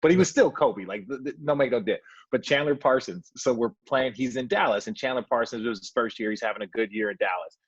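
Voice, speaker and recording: A man with a husky, slightly raspy voice banters loosely about his playing days, cursing freely and circling back on his asides. The recording sounds dull and lo-fi. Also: medium pitch, fast talker, dry recording. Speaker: podcast host, former pro player. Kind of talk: casual sports talk.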